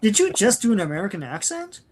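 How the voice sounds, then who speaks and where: Man, high voice, very lively pitch, laughing, casual comic podcast. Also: fast talker, a crowd in the background. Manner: animated, laughing, asking questions. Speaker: podcast co-host. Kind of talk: casual comic book chat.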